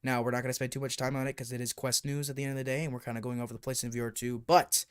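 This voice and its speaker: A man hosting a casual livestream, chatting to viewers and answering their comments in an animated, talkative way with some mild swearing. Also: medium pitch, rapid-fire, clear, resonant tone. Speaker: livestream host. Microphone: desk streaming microphone.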